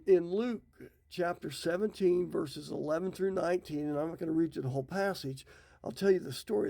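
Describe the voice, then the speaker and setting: A man's voice: a little high, vocal fry, dark tone. A middle-aged man who teaches the Bible, retelling scripture stories in a folksy, casual way. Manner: folksy, retells scripture in his own words.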